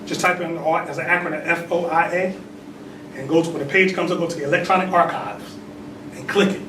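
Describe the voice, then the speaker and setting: High-voiced man preaching in an echoey hall. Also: fairly even intonation, fast. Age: 40s. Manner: questions the congregation, reads aloud, laughs between points. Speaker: religious teacher. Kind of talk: sermon with call and response. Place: temple hall. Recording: echoey hall, mic at a distance, noisy.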